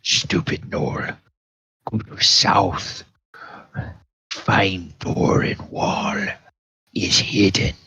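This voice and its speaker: A man voicing a defiant, dim-witted male bugbear prisoner who talks in broken grammar with a husky, half-whispered voice, recorded with a dull lo-fi sound. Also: sits low, very slow, long pauses, pushed and bright, no echo, heavily acted.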